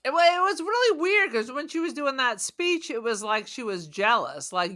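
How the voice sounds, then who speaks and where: A woman co-hosting a podcast, making quick, wry asides in a casual movie discussion. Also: sits high, very animated, a bit bright. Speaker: podcast co-host.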